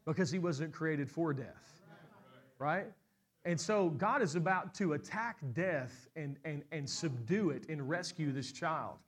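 A middle-aged man preaching a sermon as pastor, rising to loud, high peaks and often repeating words as he restarts a phrase. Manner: repeats and restarts words when speaking fast.

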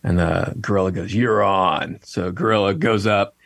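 A middle-aged man, a comedian, telling jokes in casual chat, animated and laughing at his own punchlines. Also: low voice, moderate pace, no room sound, studio quality. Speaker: comedian guest.

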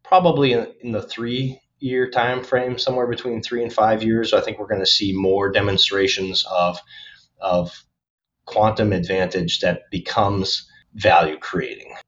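Interviewed on a podcast, this man explains things in a relaxed, reflective way, frequently starting phrases over, and he's optimistic about what lies ahead. His lowish voice barely shifts in pitch, is unhurried and a bit bright, and the highs are cut off.

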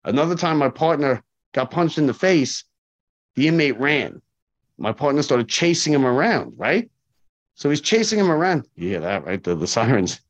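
A man who works as a corrections officer, telling stories casually in an interview, acting out the dialogue and repeating points for emphasis. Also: fairly high pitch. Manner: animated, acts out dialogue, repeats himself for emphasis. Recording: slightly dull lo-fi audio.

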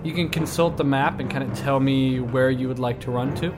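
A man running a tabletop game as game master, narrating in a relaxed way and laughing often. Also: medium pitch, brisk, loud music behind the voice.

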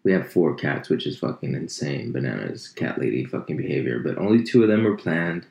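A very deep, gravelly male voice rambles through casual, profane chat, poking fun at himself as he goes. He speaks into a desk mic in an echoey room. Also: big pitch swings, brisk, a little mellow. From United States. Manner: rambling, profane, self-mocking. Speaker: podcast host.

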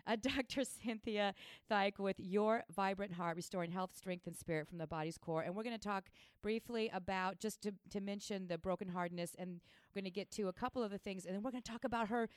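A woman's voice: medium pitch, a little fast, clean tone, no room sound, clean studio sound. A woman hosting a talk radio show, chatty and enthusiastic as she interviews a guest. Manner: chatty, enthusiastic, self-teasing.

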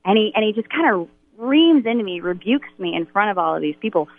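A woman's voice: medium pitch, animated, fairly quick. Woman telling her story over a tinny phone line. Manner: candid storytelling, nervous laughter. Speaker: Catholic worship musician, guest. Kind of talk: personal testimony in a radio interview.

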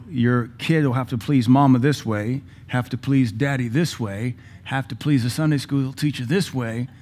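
A man's voice: medium pitch, darkish tone. A male pastor, preaching a sermon in a conversational, folksy way with asides to the congregation. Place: church.

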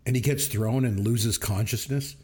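A man with an ordinary mid-range voice talks through favorite movie moments with plain enthusiasm. He slips into quick quoted voices as he recaps each scene, keeping a casual, friendly podcast tone. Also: mid-range voice, darkish tone. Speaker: podcast co-host. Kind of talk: casual movie review chat.

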